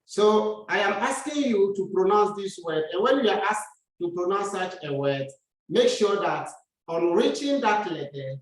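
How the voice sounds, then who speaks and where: Slow patient lady teacher, repeats every word, sounds distant and super echoey. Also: fairly low pitch. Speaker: French teacher. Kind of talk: classroom lesson. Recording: very echoey room, far from mic.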